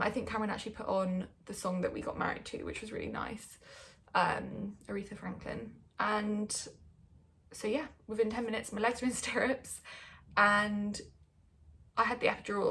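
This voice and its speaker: Young woman telling her story, super gravelly fry, chatty with loads of likes and ums, faint hum behind. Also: mid-range voice, steady tone, normal speed, a bit bright. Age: young adult. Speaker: vlogger. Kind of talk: personal storytelling.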